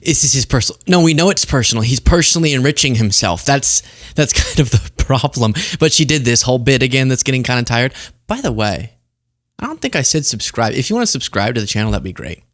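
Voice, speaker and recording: A man's voice: medium pitch, lively intonation, fast, a bit bright. A young man hosting a political commentary show, talking in a sarcastic, conversational way. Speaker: host.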